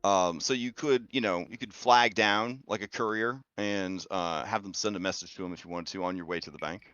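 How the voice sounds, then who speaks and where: A man's voice: low voice, fairly quick, clean tone, dry recording, muffled recording. A man narrating as game master of a tabletop game, talking with lots of fillers and restarts. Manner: lively, many fillers and restarts.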